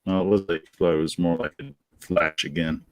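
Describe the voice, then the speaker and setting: A man's voice: deep voice, fairly even intonation, normal speed, no echo, low-quality recording. A man co-hosting a casual talk show, speaking in a laid-back, rambling, hesitant way. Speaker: co-host. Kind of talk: casual chat.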